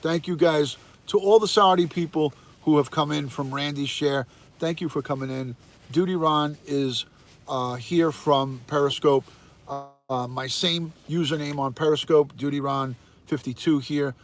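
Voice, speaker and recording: A man's voice: a little high, unhurried. An older American man hosting a casual live stream from his phone, cheerfully greeting viewers by name and calling out the viewer count. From United States. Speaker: livestream host, retired detective.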